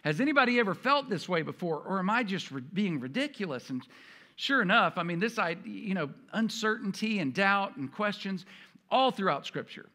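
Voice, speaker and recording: A man's voice: high voice, very animated, moderate pace, pushed and bright. A male pastor preaching a sermon in a conversational way, acting out prayers in quoted voices.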